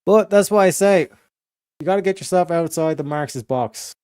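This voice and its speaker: A man streaming a casual, rambling monologue, swearing constantly and full of fillers and restarts, going from emphatic to low muttered asides. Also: normal speed, a little mellow, clean tone, no room sound, clean studio sound. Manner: profane, filler-heavy, restarts often. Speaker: streamer hosting a study session.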